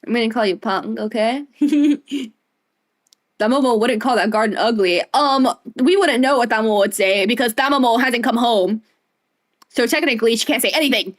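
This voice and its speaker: A woman's voice: fairly high pitch, moderate pace. Giggly young woman streamer. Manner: giggly, playful, rambling. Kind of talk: casual gameplay commentary.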